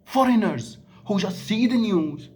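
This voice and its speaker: A man's voice: high voice, expressive, measured pace, a little mellow, soft background music. A Syrian man in his thirties, a native Arabic speaker, delivering an angry, emphatic monologue full of rhetorical questions. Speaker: vlogger. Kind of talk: impassioned monologue to camera.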